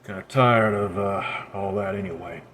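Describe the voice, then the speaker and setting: A man's voice: deep voice, normal speed, fairly bright tone, slight background noise. A man doing a bitter, worn-out tough guy. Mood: bitter weary. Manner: muttered, blunt, tired. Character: bitter, worn-out grown man, blunt and crude.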